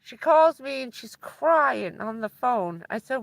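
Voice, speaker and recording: A woman's voice: high voice, expressive, normal speed, vocal fry, hardly any pauses, dry recording. A woman livestreaming from inside her van, chatting casually with viewers and laughing often as she tells stories.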